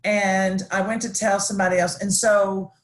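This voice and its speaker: A woman chef, chatting casually and enthusiastically on a live stream, with lots of restarts and excited asides. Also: mid-range voice, moderate pace. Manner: animated, gushing, chatty with many restarts. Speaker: celebrity chef guest.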